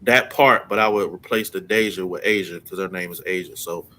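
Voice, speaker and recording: A man, a father, chatting casually on a podcast in a loose, halting way full of fillers. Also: low-pitched, bright, forceful tone, a little hiss or hum.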